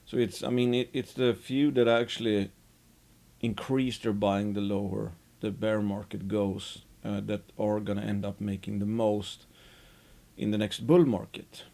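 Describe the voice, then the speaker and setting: A man giving casual, unhurried investing commentary as host of his own show, rambling a bit with restarts. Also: on the low side, little pitch movement, creaky, mellow.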